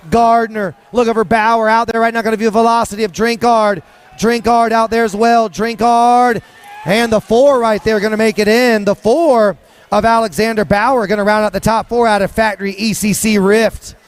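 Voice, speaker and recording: A man calling live BMX races at an outdoor track, in rapid-fire, rhythmic, sing-song hype. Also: sits high, level tone, smooth. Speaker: race announcer. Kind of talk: live BMX race commentary.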